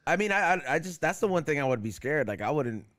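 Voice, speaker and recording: A man in casual chat, talking quickly and loosely with crude slang. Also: on the high side, sing-song, fairly bright tone.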